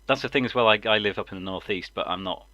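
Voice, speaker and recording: A man's voice: on the low side, quick pace, bright, forceful tone, dry recording. A man in his forties from Lincolnshire with a mixed, slightly southern English accent, chatting casually on a live stream, rambling with lots of ums and frequent chuckles. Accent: mixed English, mildly southern-sounding. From Lincolnshire, England.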